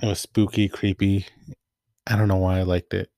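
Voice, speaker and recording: Young guy with a low voice chatting loosely about films, dry close sound. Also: moderate pace, no room sound. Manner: rambling, self-correcting, relaxed. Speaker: movie vlogger. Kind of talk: casual movie recap.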